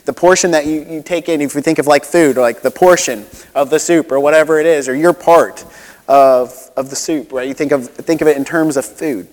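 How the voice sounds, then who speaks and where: A man's voice: on the high side, fairly even intonation, a little fast, in a large hall. A man preaching a sermon as a pastor, conversational and relatable, with frequent asides and restarts.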